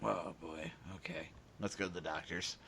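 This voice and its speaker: Slightly raspy podcast co-host, low-voiced man. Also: normal speed. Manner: animated storyteller acting out dialogue. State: slightly raspy after a sore throat. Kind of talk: casual podcast chat.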